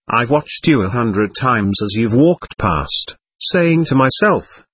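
A man voicing a gushing, domineering middle-aged lady who lectures and talks over others, with a husky voice. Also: mid-range voice, fairly bright tone, no echo, heavily acted.

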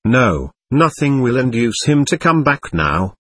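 A man voicing a gentle, earnest young man who calls out frantically and blames himself. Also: mid-range voice, sing-song, a little slow, slightly rough, dry recording, studio quality, full character voice. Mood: frantic. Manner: frantic, self-reproaching.

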